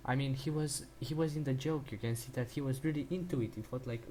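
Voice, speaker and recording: A man's voice: medium pitch, fast, warm tone, a little hiss or hum. A man ranting in a crude, mocking and rambling way while he comments on a video, often restarting his sentences. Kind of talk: profane reaction rant.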